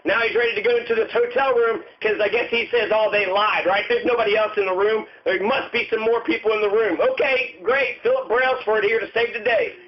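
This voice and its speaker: A man with a very high-pitched voice delivers a furious rant full of cursing and repeated lines. The sound is dull and lo-fi, with the top end muffled. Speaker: commentator. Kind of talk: angry profane rant.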